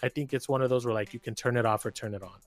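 A man's voice: medium pitch, steady tone, rapid-fire, no echo, faint music behind. A man co-hosting a casual podcast, telling a story animatedly with slang and plenty of swearing. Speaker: podcast co-host. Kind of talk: casual chat.

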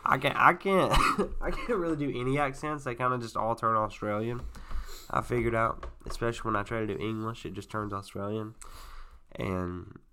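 A man co-hosting a casual podcast, self-deprecating with deadpan asides. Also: lowish voice, moderate pace, clear, resonant tone. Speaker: podcast co-host. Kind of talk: casual chat.

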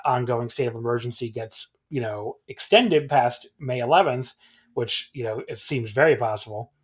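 A man's voice: mid-range voice, husky. A man casually reviewing wrestling shows on a podcast, rambling with lots of fillers and little chuckles.

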